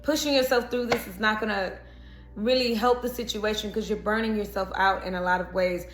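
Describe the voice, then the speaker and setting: A woman's voice: mid-range voice, fairly even intonation, a little fast. A woman giving a casual tarot horoscope reading, talking straight to the viewer with emphatic repeats and coaxing "okay?" asides. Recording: echoey room with faint background music.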